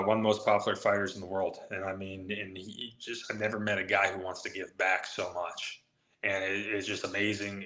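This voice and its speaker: Man, guest storyteller, eager and quick, bright tone, echoey room. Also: on the low side. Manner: excited, fast anecdote-telling with acted quotes. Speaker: guest MMA reporter. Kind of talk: animated storytelling on a live show.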